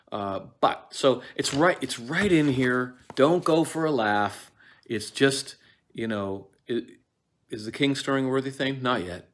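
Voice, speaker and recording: A man giving a casual lecture on a play, digressing often, with many fillers and restarts. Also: fairly low pitch. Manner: acts out lines in quick quoted voices. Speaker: actor teaching Shakespeare.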